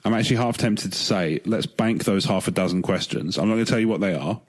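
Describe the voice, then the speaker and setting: A man co-hosting a podcast speaks in a low voice at a fast clip. He chats casually and rambles, hesitating and restarting his sentences often.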